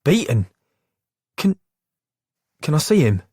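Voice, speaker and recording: A man voicing an eager young telegram boy, his voice pitched up, in an audiobook. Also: big pitch swings, slow pace, mellow, breathy edge, no room sound, clean studio sound, heavily acted. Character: young working-class London telegram boy. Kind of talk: audiobook character voice.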